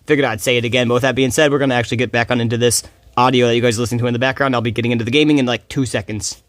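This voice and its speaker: A man streaming a game, talking fast and rambling with a lot of swearing, a bit groggy from little sleep. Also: mid-range voice, steady tone, a bit bright. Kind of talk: casual rambling commentary.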